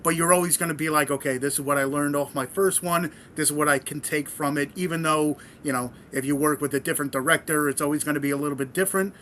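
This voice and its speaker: A man's voice: on the high side, steady tone, fast talker, few pauses, bright, forceful tone, a little hiss or hum. A man co-hosting a podcast interview who rambles, stringing his thoughts together with many fillers. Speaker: podcast co-host.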